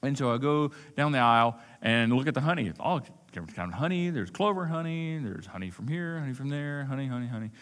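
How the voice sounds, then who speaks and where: A man's voice: mid-range voice, lively intonation, fast talker, hardly any pauses, a bit bright. Emphatic male pastor in a reverberant hall. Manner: conversational, repetitive, emphatic preaching with quoted asides. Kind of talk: sermon.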